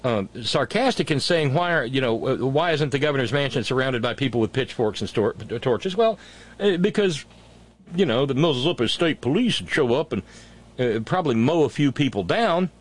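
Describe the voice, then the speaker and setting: A man's voice: mid-range voice, lively intonation, moderate pace. A man hosting a political talk show, ranting angrily and sarcastically with profanity and stammered restarts.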